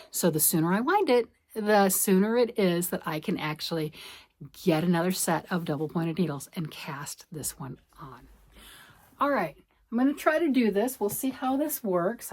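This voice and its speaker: A woman's voice: on the low side, animated, normal speed, a little mellow. Chatty middle-aged woman knitting vlogger. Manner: chatty, rambling, self-talk while working. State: a little out of breath. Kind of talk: casual chat.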